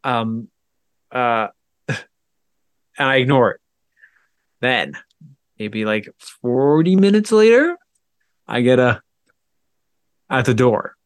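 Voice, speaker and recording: Animated man retelling a story. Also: medium pitch, slow, pauses often, dry recording. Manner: animated retelling, acts out both sides with repeated "I go". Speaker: podcast co-host. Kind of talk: casual storytelling chat.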